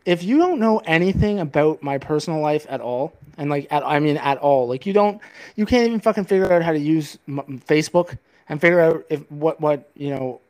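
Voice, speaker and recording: A man's voice: a little high, animated, brisk, a little mellow. Heated, profane man ranting on a podcast. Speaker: podcast co-host. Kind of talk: casual podcast rant. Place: podcast set filmed on camera.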